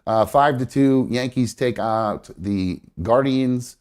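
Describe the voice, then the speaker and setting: A live-show host talks baseball in a loose, rambling way, full of fillers, restarts, and self-corrections. His voice is medium-pitched and somewhat dark, he speaks slowly, and he sounds congested.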